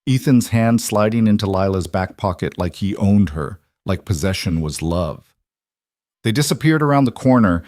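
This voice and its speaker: A man narrates a scripted drama story in a steady, measured voice that sits low. He is recorded close and dry, with no room sound behind him. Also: no room sound.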